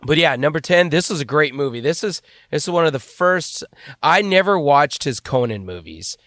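A man's voice: a little high, lively intonation, moderate pace, fairly bright tone, dry recording, clean studio sound. A man co-hosting a casual podcast, joking around with playful asides. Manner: jokey, playful interjections. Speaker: podcast co-host.

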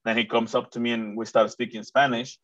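A man's voice: mid-range voice, little pitch movement, fairly quick, fairly bright tone, no echo, dull audio. A man from Mexico interviewing a guest in casual chat, rambling with many restarts. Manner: rambling, many restarts, acts out quoted voices.

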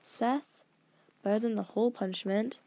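A woman voicing a sensible, curious teenage girl who speaks in a reasonable, gently persuasive way, close to her own voice. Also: on the high side, normal speed, lightly acted. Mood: earnest.

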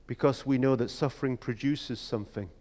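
A man preaching a sermon in a reflective, measured way, with emphatic rhetorical questions. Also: mid-range voice, a little mellow. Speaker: pastor. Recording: long hall reverb.

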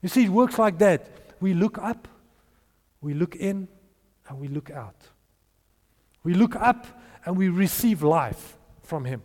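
A man's voice: high-pitched, very animated, unhurried, a little mellow, in a large hall. A man preaching a sermon and telling a story, acting out the dialogue in changing voices.

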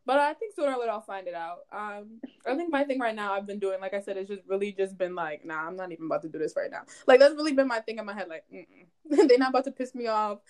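A woman's voice: medium pitch, quick pace, few pauses, darkish tone. A young woman in loose, rambling casual chat, full of fillers, easy laughter and swearing.

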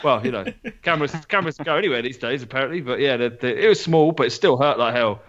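A man's voice: mid-range voice, fast, fairly bright tone. A man talks casually on a podcast, his voice stuffy and nasal. He rambles with frequent restarts, and the recording sounds a little dull. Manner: chatty, self-deprecating, many restarts. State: stuffy and nasal from a sore nose. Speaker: podcast co-host. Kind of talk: casual chat.

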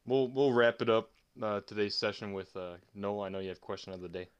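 Laid-back young man, lowish voice. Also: clear, resonant tone, dull audio. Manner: laid-back, teasing, quick laughs. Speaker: podcast co-host. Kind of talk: casual chat.

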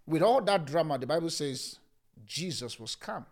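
A man with a Nigerian accent preaching a sermon as a pastor, shouting scripture lines and then dropping to a calm, hushed voice. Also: on the high side, moderate pace, very noisy.

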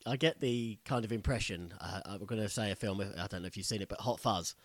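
A man hosts a relaxed conversation, laughing often and cutting in with questions. His voice sits lower than average. The sound is dry and close. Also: brisk, no room sound. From England. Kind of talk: casual chat.

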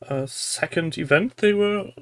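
A man co-hosting a podcast in casual chat, speaking hesitantly with frequent pauses. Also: high-pitched, fairly bright tone. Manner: slow and hesitant, many "uh" fillers. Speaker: podcast co-host.

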